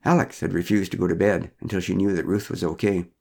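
A man's voice: low-pitched, little pitch movement, fast, gravelly, a little mellow. A man telling a first-person story in a dry, understated, wry way.

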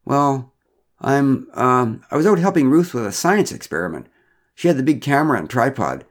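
A man's voice: mid-range voice, very animated, normal speed, voice pushed up, natural voice. A man voicing a flustered middle-aged father who is out of breath, stammering and making defensive excuses.

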